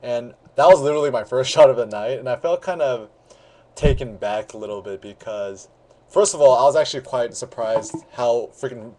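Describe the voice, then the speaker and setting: A man's voice: medium pitch, moderate pace. Chatty man telling a casual story. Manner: relaxed, many ums and restarts, chatty storytelling. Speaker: photography vlogger. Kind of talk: casual rambling vlog.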